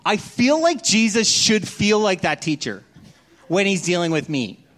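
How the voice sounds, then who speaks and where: A middle-aged man preaches like he's chatting with friends, telling family stories from the pulpit. His voice sits a little high for a man. He often drops to a hushed, gentle tone when the story turns tender. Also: very animated, a little slow. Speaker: pastor. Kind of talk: sermon.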